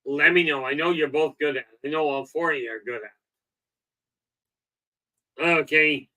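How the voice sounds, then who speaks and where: A man's voice: a little high, normal speed, long pauses, bright, forceful tone, poor audio. A middle-aged man hosting a self-help livestream, rambling in a folksy way with lots of "okay" and "you know," and telling jokes. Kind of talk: casual livestream talk.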